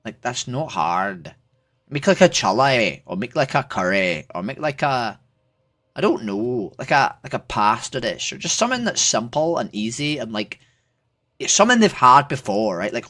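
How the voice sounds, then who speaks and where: Irish man, streamer type, chatty and rambling, mid pitch, very lively intonation. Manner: rambling, heavy use of "like", casual swearing. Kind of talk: casual livestream chat with strangers.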